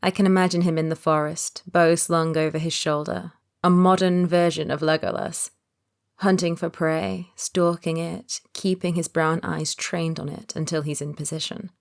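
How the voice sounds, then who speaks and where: A woman with a somewhat low voice narrating a romance audiobook in the first person. Her reading is calm and measured, with an even flow. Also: vocal fry.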